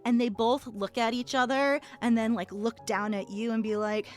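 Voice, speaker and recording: A woman game master describing scenes in a tabletop role-playing game in a relaxed, descriptive way with many fillers. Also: fairly high pitch, moderate pace, soft background music.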